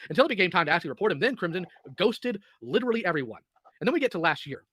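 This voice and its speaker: A man's voice: sits high, sing-song, very fast, fairly bright tone, slightly rough. A man lecturing someone in a heated, insistent rant, repeating himself and demanding answers. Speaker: streamer in an online argument.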